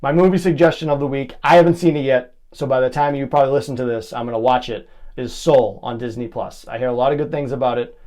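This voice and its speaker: A man's voice: medium pitch, steady tone, quick pace, a little mellow. A young man hosting a podcast on his own, telling casual stories in a rambling way with plenty of "like" and fillers. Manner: rambling, filler-heavy, lots of "like". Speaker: podcast host. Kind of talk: casual solo storytelling.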